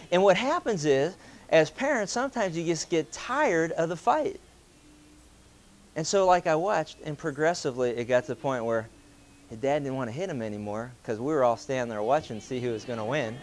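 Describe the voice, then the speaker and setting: A man's voice: on the high side, a little fast, slight background noise. A man telling a casual, anecdotal story to a group, acting out quoted voices and chuckling as he goes. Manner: animated, acts out quoted voices, chuckles between lines.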